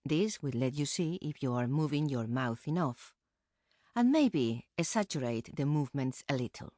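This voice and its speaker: A woman co-presenting a pronunciation course with calm, careful explanation, recorded close on a studio mic. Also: deep voice, moderate pace, no room sound. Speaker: Spanish co-presenter. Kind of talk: scripted instructional narration.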